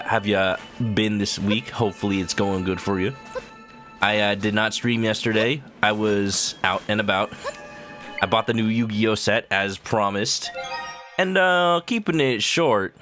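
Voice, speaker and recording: A young man streaming a game, chatting casually in a goofy, rambling way with sudden high silly yells. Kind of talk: casual gameplay commentary. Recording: game music under the voice.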